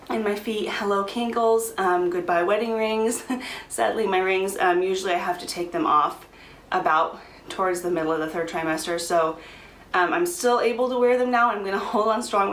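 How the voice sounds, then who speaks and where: A woman's voice: medium pitch, steady tone, moderate pace, fairly bright tone, a little hiss or hum. Chatty young woman in echoey room. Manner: chatty, frequent laughs and ums. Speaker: vlogger. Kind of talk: casual pregnancy update vlog.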